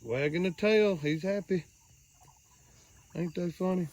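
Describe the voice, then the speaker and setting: A man's voice: high voice, a little slow, a little mellow. A man, chatting playfully and doting on a toddler while doing farm chores outdoors. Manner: playful, doting, talks baby-talk style to a toddler. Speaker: homesteader and co-host. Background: faint crickets and farm animals.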